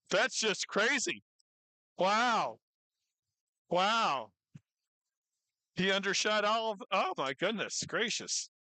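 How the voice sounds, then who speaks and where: A meet commentator calling live weightlifting attempts, who cheers lifters on excitedly and drops jokey asides between lifts. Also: medium pitch, very slow, pauses often, no room sound, low-quality recording.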